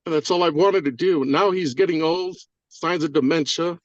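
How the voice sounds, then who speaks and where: A man speaking on a live call, rambling and swearing often, apologizing, choked up and crying with a husky voice. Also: fairly high pitch, moderate pace, no room sound. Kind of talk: emotional live-stream call. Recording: dull lo-fi audio.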